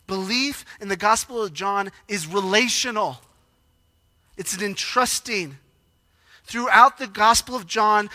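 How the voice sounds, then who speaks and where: Bright, high-voiced man preaching with passion. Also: dry recording. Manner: animated, emotional preaching with loud dramatized quotes. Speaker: pastor. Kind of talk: sermon.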